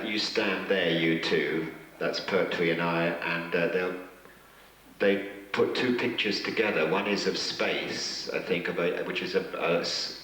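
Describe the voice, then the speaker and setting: A guest actor at a fan convention panel shares anecdotes during a Q&A in a large hall with an audience. His voice is deep with a fairly bright tone, picked up by a distant mic amid echo. He rambles hesitantly, chuckling and poking fun at himself.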